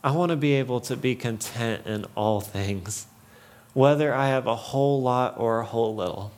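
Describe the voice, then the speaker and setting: A man's voice: medium pitch, moderate pace, darkish tone. A young man giving an earnest, story-filled sermon, often breaking into small laughs. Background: music.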